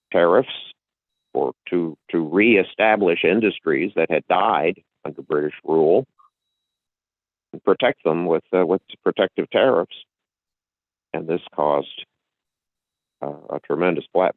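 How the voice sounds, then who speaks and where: A man's voice: deep voice, no echo. A man hosting a podcast and explaining at length in a casual, lecturing way, often restarting his sentences. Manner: lecturing, with frequent restarts and repetitions. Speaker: podcast host. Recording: tinny phone-like line, dry.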